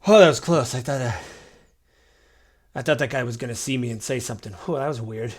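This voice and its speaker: A man's voice: medium pitch, brisk, breathy edge, pitched below the performer's own voice, close to an everyday voice. A man doing a jittery little companion. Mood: relieved.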